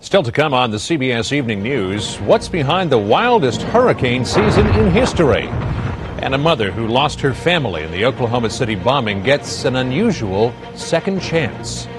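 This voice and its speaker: A man anchoring an evening news broadcast, reading in a measured, authoritative way. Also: mid-range voice, sing-song, over music.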